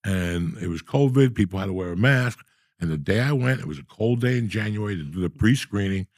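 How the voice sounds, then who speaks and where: A man in his sixties telling a story in casual, profane, animated style, with loud outbursts. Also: lowish voice, a little fast, no echo, studio quality. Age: 60s. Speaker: podcast host.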